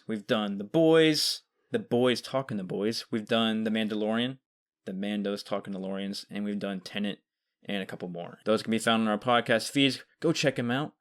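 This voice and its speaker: A man hosting a podcast, announcing award nominees and winners in a plain emcee style. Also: medium pitch. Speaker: podcast host presenting awards.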